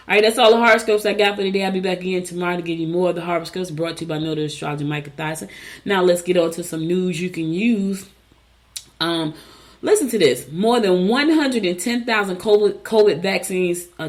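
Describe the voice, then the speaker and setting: A woman radio host reading horoscopes in a casual, chatty way, with animated storytelling asides. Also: on the low side.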